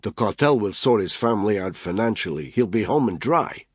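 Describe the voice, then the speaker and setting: A man voicing a cool, guarded older male intelligence officer who speaks in a quiet, measured, lecturing way. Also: lowish voice, lively intonation, no echo, clean studio sound. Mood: calm, guarded.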